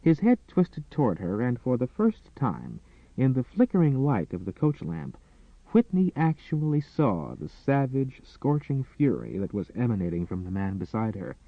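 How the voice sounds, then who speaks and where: Expressive male audiobook narrator. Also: mid-range voice, dry recording. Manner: expressive, dramatic reading. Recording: dry, tinny phone-like sound.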